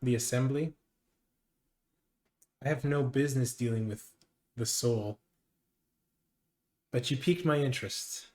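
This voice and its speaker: A man's voice: mid-range voice, a little mellow, echoey room, close to an everyday voice. A man playing a smug, scheming male mage official who talks down to others. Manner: condescending, slow and menacing.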